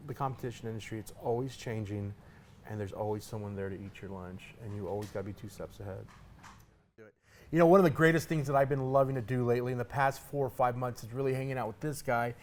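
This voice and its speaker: Fast-talking, hyped-up man pitmaster. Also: medium pitch. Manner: emphatic, hyped-up, repeats words when excited. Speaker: competition pitmaster. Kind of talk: casual interview talk.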